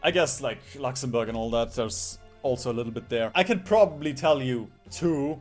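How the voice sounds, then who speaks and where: A young man from Germany giving casual, sarcastic commentary while playing a strategy game, swearing and reacting loudly to what happens on screen. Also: medium pitch, lively intonation, normal speed, faint music behind. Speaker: game streamer.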